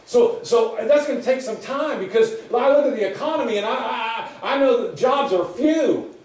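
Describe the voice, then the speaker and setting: Pastor, male, high voice, casual repetitive storytelling, distant mic. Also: normal speed, darkish tone. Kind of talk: sermon. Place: church sanctuary. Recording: echoey hall from far off.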